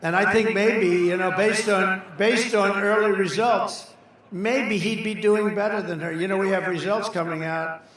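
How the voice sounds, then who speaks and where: A man's voice: high-pitched, steady tone, unhurried, fairly bright tone. A man giving a rambling, off-the-cuff campaign rally speech, repeating phrases for emphasis. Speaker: political candidate at a campaign rally. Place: large rally venue with a crowd. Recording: very echoey venue with crowd noise.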